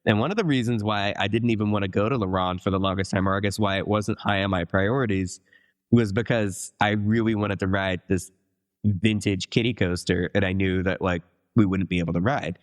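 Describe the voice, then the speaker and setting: A man with a very low voice chats casually as a podcast co-host. He rambles through long, enthusiastic explanations full of asides. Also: steady tone, fairly quick. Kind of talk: casual chat.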